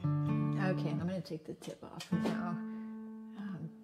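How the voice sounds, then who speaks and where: A woman's voice: on the low side, steady tone, takes it slowly. A woman hosting a music livestream, telling a story in casual chat and acting out the voices with laughs.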